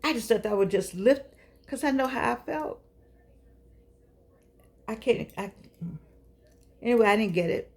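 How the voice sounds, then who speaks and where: A woman's voice: on the high side, expressive, measured pace, creaky, long pauses, a little mellow. An older woman hosting her own show, talking to her audience in a fussing, encouraging, preachy way. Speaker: show host. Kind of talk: casual talk to camera.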